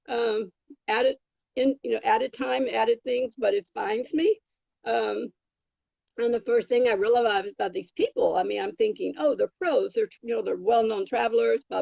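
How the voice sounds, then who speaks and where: Older lady rambling thru nanny stories, lots of ums, gravelly and husky, dull dry recording. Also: on the high side, a little mellow, no room sound. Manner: rambling, many fillers and restarts. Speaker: guest, travel nanny. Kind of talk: casual anecdotal storytelling.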